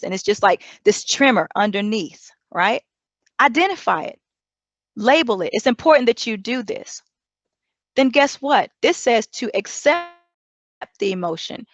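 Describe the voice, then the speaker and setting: A woman giving a motivational talk, animated, acting out inner dialogue and drawing out key words slowly for emphasis. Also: on the high side, no echo, dull audio. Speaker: motivational speaker.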